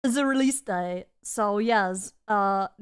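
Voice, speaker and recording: A woman's voice: medium pitch, slow, clear, resonant tone. A young woman streaming from her home desk, chatting casually and giggling as she reads her chat aloud. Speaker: vtuber streamer.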